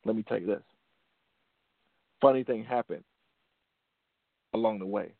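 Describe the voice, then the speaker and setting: Gravelly man telling a story over a phone line. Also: fairly low pitch, a little slow, dry recording. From Detroit, USA. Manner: earnest, repeats phrases for emphasis. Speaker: motivational show host. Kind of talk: motivational storytelling. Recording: dry phone-line sound.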